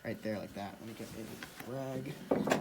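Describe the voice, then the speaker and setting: A man's voice: lowish voice, a little slow, very noisy. A young man hosting a casual workshop vlog in his shed, easygoing and thinking aloud with fillers. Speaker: channel host.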